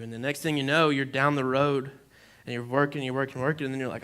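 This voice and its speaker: Young guy preaching casually, lots of "like", acts out what he said back then, mid pitch. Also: steady tone, fast talker, hardly any pauses, fairly bright tone, smooth. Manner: conversational, lots of "like", acts out his own reactions. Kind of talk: informal sermon with personal story. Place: church.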